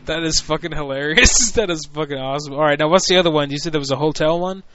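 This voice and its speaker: A man's voice: fairly high pitch, fast, fairly bright tone, no room sound. A man hosting a prank call show, chatting casually and swearing freely. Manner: loose, profane, laughing. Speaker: podcast host. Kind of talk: casual chat. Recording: dull lo-fi recording.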